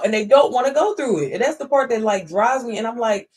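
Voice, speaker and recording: A woman's voice: on the high side, lively intonation, fast talker, few pauses, a little mellow, slightly rough. A woman in her thirties giving a casual, emphatic pep talk to viewers on a phone livestream from home, mixing swearing with encouragement. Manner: emphatic, preachy, swearing, talks straight to viewers. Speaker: online business coach.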